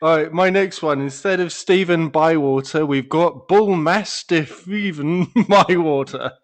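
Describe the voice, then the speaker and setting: Lad, fairly high voice, swears and laughs through casual podcast banter. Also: male voice, measured pace. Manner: swears a lot, laughs often, rambling storyteller. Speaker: podcast co-host.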